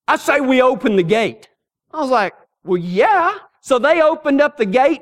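A man preaches through a long, homespun story. His telling rambles along in a folksy way, doubling up words as he gets each sentence going. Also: very high-pitched. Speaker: pastor. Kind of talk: storytelling sermon.

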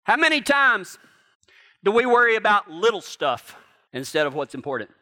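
A man's voice: sits high, big pitch swings, normal speed, pushed and bright. A middle-aged man preaching a sermon, telling folksy stories and joking with his congregation. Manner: folksy storytelling, jokes with the congregation. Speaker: pastor.

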